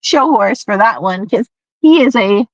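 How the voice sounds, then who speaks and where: Woman guest on a livestream, high voice, dry close sound, pleading and repetitive. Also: lively intonation, unhurried, no echo, dull audio. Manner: pleading, repeats herself. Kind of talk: heated livestream argument.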